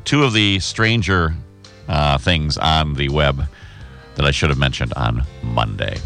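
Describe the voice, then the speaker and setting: A man's voice: very deep voice, unhurried, vocal fry, pushed and bright, soft background music. A man hosting a local radio show, chatting casually with a folksy, self-deprecating manner. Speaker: radio host.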